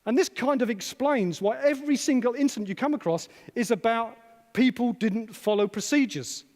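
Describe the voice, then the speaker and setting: A man's voice: very high-pitched, moderate pace, a little mellow. A man who is a psychologist giving a conference keynote, challenging the audience with rhetorical questions and repeated phrases. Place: conference hall. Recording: long reverb of a hall.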